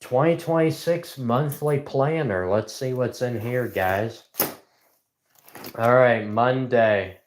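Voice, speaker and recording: A man rambling sarcastically on a livestream from inside a house, joking in deadpan asides. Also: medium pitch, slow, noisy background. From rural United States. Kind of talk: rambling comedic livestream chat. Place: indoors in a house.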